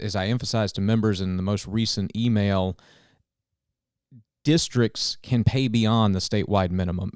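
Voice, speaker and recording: Man, policy explainer, earnest and animated, dry close sound. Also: on the low side, smooth, no room sound. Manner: earnest, detailed and animated, with quick restarts. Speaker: governmental affairs director. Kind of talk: explaining policy in a podcast chat.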